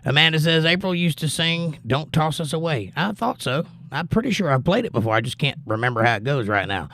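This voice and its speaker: Reading viewer comments aloud on his casual livestream, a man responds with warm, chatty replies. His voice is fairly high and expressive, a bit fast, captured in a dry, clean studio recording.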